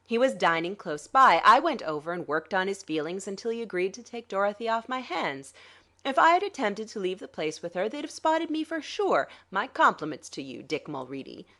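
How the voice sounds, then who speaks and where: A woman's voice: mid-range voice, very animated, normal speed, a bit bright. A woman voicing a smug, sarcastic male swindler who talks down to his partners in an audiobook. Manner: dry, sarcastic, smoothly condescending. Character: smug scheming male crook, cool and sarcastic.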